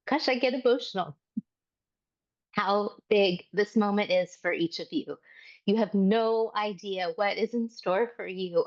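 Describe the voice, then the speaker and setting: A woman's voice: medium pitch, muffled recording. A woman lead trainer giving an emotional, earnest introduction to her class, with frequent ums.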